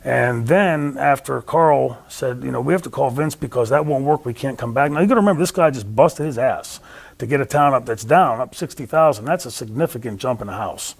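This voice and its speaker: This man is being interviewed and tells stories in a brisk, medium-pitched voice with vocal fry and a slightly rough edge. As an animated storyteller, he performs the voices of those he quotes.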